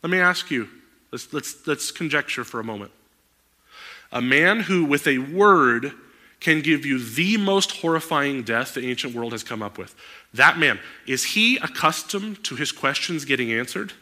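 A man preaching a sermon, animated and moving into emphatic outbursts. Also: mid-range voice, normal speed. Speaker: pastor.

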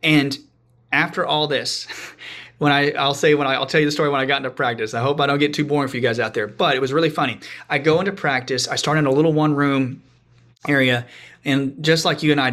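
A man's voice: mid-range voice, a bit bright. A man guesting on a podcast, telling a story casually and chattily, with frequent restarts and asides.

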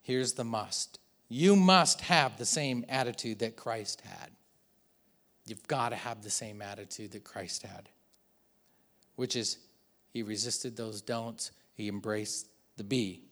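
A man preaching a church sermon, animated and joking, acting out little asides as he goes. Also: fairly low pitch, slow. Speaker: pastor.

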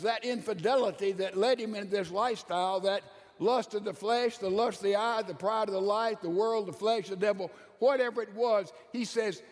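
A man with a high voice delivers an emphatic church sermon. He swings between loud, quick bursts and slow, hushed stretches. A long reverb trails his words through the hall. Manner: emphatic preacher with wide swings in loudness and pace. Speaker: pastor.

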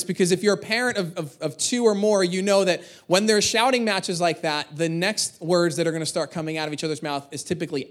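Male pastor, 30s, lively storytelling sermon, higher voice. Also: fairly quick. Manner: energetic, animated, acts out quotes.

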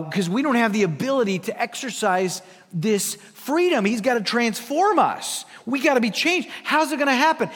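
A man preaching a sermon as pastor, swinging between hushed asides and loud emphatic lines, with humor. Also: high voice. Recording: long reverb of a large hall.

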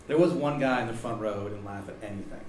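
A man hosting a podcast, building up a comedic hypothetical in a deadpan way and laughing at his own bits. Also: medium pitch, fast. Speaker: podcast host. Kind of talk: casual comedic storytelling. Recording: echoey room, mic at a distance, faint noise.

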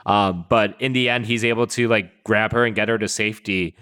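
A man's voice: on the low side, fairly even intonation, fairly quick, a bit bright, smooth. A man co-hosting a podcast, talking through a TV episode in an enthusiastic, rambling way with many fillers and laughs. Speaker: podcast co-host. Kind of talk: casual chat, TV episode discussion.

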